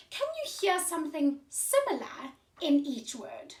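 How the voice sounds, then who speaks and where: A woman teaching a phonics lesson to young children in a slow, clear teacherly voice, sounding out letters, heard from a distance in a roomy space. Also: high-pitched, very animated. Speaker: primary school teacher.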